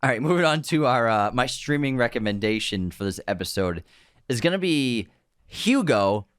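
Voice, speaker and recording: A man's voice: mid-range voice, animated, moderate pace, a bit bright, clear, resonant tone, no room sound, clean studio sound. A man co-hosting a casual film podcast, enthusiastically recommending movies. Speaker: podcast co-host.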